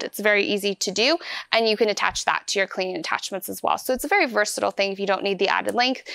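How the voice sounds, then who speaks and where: A woman's voice: medium pitch, fairly bright tone, no echo. A woman giving a hands-on product demonstration, explaining each step in an upbeat, chatty way. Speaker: vacuum store product demonstrator.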